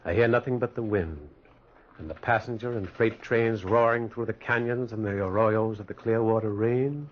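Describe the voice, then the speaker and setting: A man's voice: lowish voice, normal speed, lightly acted. An actor playing a lonely man haunted by memories who narrates his own story in 1940s radio acting. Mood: brooding. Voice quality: husky, expressive storytelling. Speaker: narrator and lead character. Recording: dull lo-fi old radio recording.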